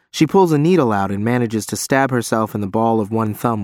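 A man's voice: fairly low pitch, animated, fairly quick, few pauses, darkish tone, dry recording, studio quality. A man narrating a story in first person. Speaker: audiobook narrator. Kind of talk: scripted narration.

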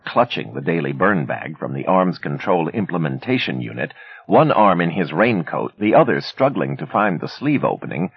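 A man narrating a thriller with a dramatic, expressive reading. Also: low-pitched, creaky, slightly rough, no room sound, muffled recording. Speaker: audiobook narrator. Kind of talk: scripted narration.

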